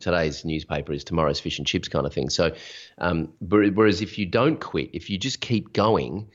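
A man's voice: low voice, moderate pace. A man speaking as a podcast guest, telling candid stories and giving motivational advice in a frank interview conversation. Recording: dull lo-fi sound.

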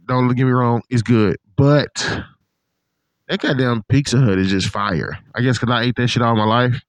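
A man hosting a casual chat, telling profane, animated stories and acting out what people said. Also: medium pitch, normal speed, dry recording. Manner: animated, profane storytelling with put-on quotes. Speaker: podcast host.

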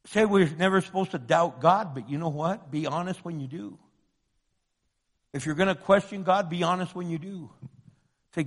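A man preaching a sermon with passion, moving between loud pleading and hushed tones, in an echoing church hall. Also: on the high side, moderate pace, pauses often. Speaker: pastor.

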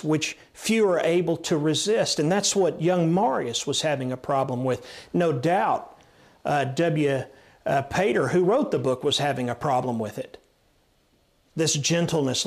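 Emphatic Texan preacher, slightly high voice. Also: male voice. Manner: emphatic preaching with repetitions and restarts. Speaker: pastor. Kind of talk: sermon.

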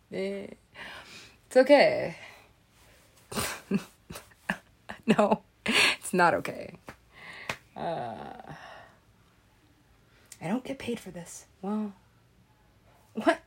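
A woman's voice: mid-range voice, very animated, very slow, creaky, long pauses, husky. A woman rambling through a comedic commentary, swearing and giggling often.

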